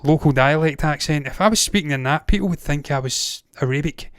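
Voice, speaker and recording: Slightly high-voiced and brisk, this Scottish host with a Glaswegian accent rants casually about movie news, swearing bluntly and wandering off on tangents. There's no room sound on the recording, and his commentary is casual and opinionated.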